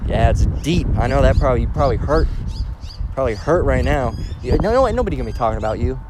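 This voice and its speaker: A man giving an informal scripture lesson as a street preacher. He reads verses slowly, then explains them in blunt slang, checking in with "all right?" again and again. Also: medium pitch, animated, background noise.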